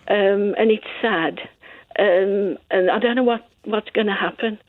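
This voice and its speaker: A woman's voice: mid-range voice, fairly even intonation, measured pace, no room sound. An older woman with a Birmingham accent calling in to a radio show, hesitant and full of ums and restarts. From Smethwick, Birmingham, England. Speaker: caller. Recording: tinny phone line.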